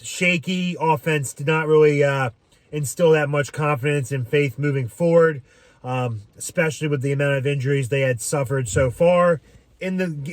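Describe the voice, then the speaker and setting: This fan commentator talks loosely about a game, full of "um"s and casual cursing as he rambles along. For a man, his pitch runs somewhat high. The recording is close and dry, with no echo at all.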